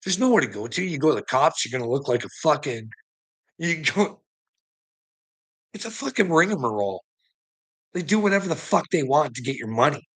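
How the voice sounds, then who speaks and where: A man with a gravelly, raspy voice, worn out and venting in a long monologue. He swears in nearly every sentence and trips over his own restarts as he goes. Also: a little high, sing-song, a little fast, long pauses, fairly bright tone. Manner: profane, swears constantly; stammers and restarts. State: weary. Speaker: vlogger. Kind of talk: ranting monologue to the camera.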